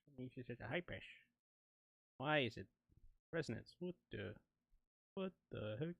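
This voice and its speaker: A man's voice: mid-range voice, expressive, moderate pace, vocal fry, fairly bright tone, breathy edge, dry recording, lo-fi sound. A young man streaming himself making music, chatting casually, rambling and interrupting himself, often laughing. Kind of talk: casual live-stream talk while producing.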